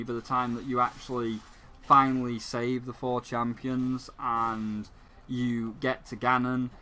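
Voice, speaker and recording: A man's voice: medium pitch, sharp tone. A man hosting a gaming channel who rants sarcastically in casual commentary and often restarts his sentences. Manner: ranting, sarcastic, frequent restarts.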